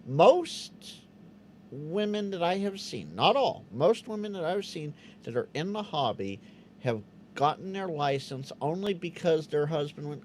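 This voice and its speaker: A man chats through a live question-and-answer stream, his pitch bouncing around in a lively, expressive way. He stumbles into quick restarts and slips into little acted-out quotes. A faint hum of room noise sits under his voice. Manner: animated, stammering restarts, acts out quoted voices. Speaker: livestream host answering chat questions. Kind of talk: casual live Q&A chat.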